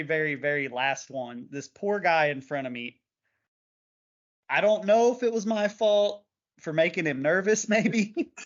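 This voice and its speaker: A man co-hosting a podcast, telling a lively race story in casual chat and laughing along. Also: fairly high pitch. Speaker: podcast co-host. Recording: dull lo-fi podcast audio.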